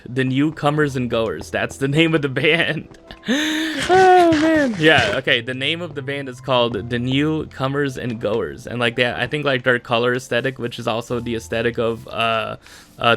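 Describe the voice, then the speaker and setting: A man talks through a casual solo podcast in a bright, mid-range voice. He rambles from thought to thought, fills gaps with fillers and laughs often. Faint music sits quietly behind him. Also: medium pitch, vocal fry. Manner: rambling, heavy filler words, frequent laughter; self-deprecating joking. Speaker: podcast host.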